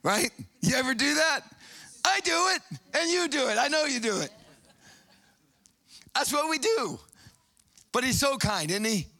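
A man preaching a sermon, telling a story with excited high bursts and hushed, solemn passages. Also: measured pace, pauses often, dry recording.

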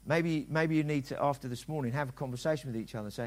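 A man's voice: medium pitch, fast talker, hardly any pauses, a little mellow. A middle-aged man preaching a sermon as a pastor, talking conversationally and acting out dialogue in quoted voices.

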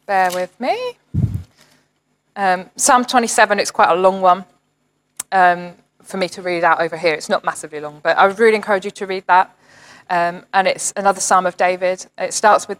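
A woman's voice: on the low side, a little fast, a bit bright, rough recording. A woman giving an informal online sermon, reading psalms aloud in an earnest, encouraging way. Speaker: church leader.

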